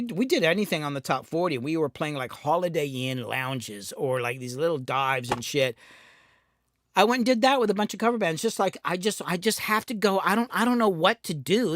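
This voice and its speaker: A man's voice: a little high, fairly bright tone, no echo, studio quality. A middle-aged man, telling rambling, self-deprecating stories in a casual rant and acting out the voices in them. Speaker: music producer and channel host.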